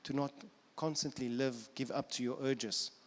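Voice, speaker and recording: A man's voice: medium pitch, fairly even intonation, moderate pace. A man with a South African accent, a pastor preaching an earnest sermon who repeats phrases for emphasis. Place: church auditorium. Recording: long church hall reverb.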